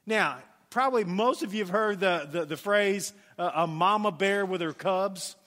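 A middle-aged man with a high, light voice delivers a sermon in a church, telling homey family stories with lots of "uh" and "you know". His voice rings out with a long hall reverb around it. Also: moderate pace, a bit bright. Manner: storytelling with folksy asides and many fillers. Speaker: pastor.

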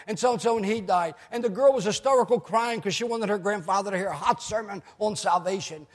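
An older male pastor preaching a sermon, telling anecdotes with animated asides in a husky voice. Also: high voice, in a large hall.

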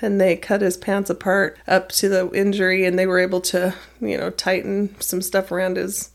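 A woman teacher calmly recounting a personal experience in an interview, measured and plain-spoken. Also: mid-range voice, vocal fry. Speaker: middle school math teacher.

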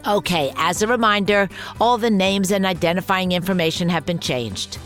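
A woman hosting a parenting podcast, coaching a mother in a calm, affirming, gently guiding way. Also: fairly low pitch, normal speed, soft background music.

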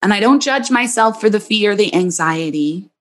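A woman hosting her own podcast, speaking in a gentle, soothing, reflective monologue. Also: mid-range voice, animated, normal speed. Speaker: podcast host and psychologist.

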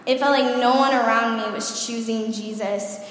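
A young woman giving a sermon testimony in a chatty, animated way, often checking in with "okay?". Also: on the high side, normal speed. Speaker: youth speaker giving testimony. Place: large hall with audience. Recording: echoey hall, room mic.

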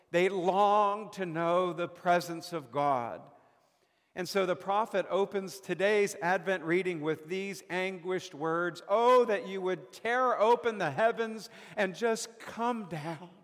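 A man preaching a sermon as a pastor, slow and deliberate with dramatic pauses, recorded in a church sanctuary. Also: high voice, fairly bright tone. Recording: long hall reverb.

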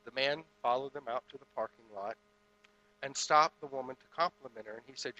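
A man giving a spiritual sermon in a measured, deliberate way, with pauses between phrases. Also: mid-range voice, pushed and bright, dull audio. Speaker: spiritual speaker.

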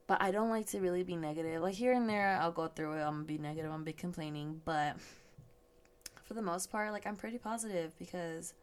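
A young woman hosts a casual solo podcast, swearing freely and laughing a lot while sounding a little stuffy and yawning. Her voice sits on the low side, smooth and steady in tone, and she talks fast.

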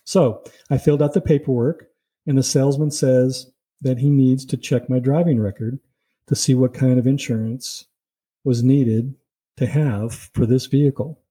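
A man's voice: medium pitch, fairly even intonation, moderate pace, warm tone, breathy edge, low-quality recording. A man teaching a Bible lesson in a conversational way, telling personal stories and driving his points home with "see" and "you know.".

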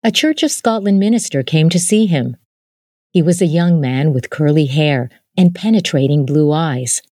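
Woman with a low voice reading a story aloud, calm and measured, dry close sound. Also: no echo. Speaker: narrator. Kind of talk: scripted storybook narration.

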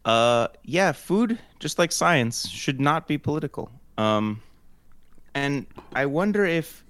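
Smooth-voiced, measured male podcast co-host. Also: mid-range voice, fairly bright tone, no room sound. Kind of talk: casual chat.

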